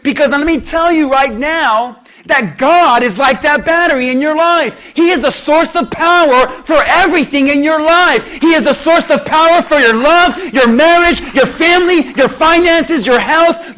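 A man preaching a sermon, telling a lively personal story and asking the congregation questions. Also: very high voice. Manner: animated storytelling with audience questions.

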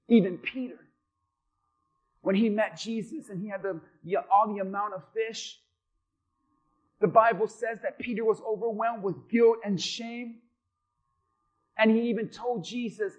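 A man's voice: high-pitched, steady tone, a little slow, pauses often, darkish tone. A male pastor preaching a sermon, asking the congregation questions and acting out quotes in between. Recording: dull lo-fi recording.

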